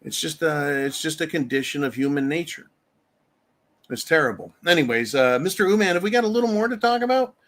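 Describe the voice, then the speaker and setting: A man's voice: fairly high pitch, expressive, brisk, a bit bright. A man hosting a talk show, giving rambling, emphatic, opinionated commentary. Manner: rambling, emphatic, mocking voices for quotes. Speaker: show host.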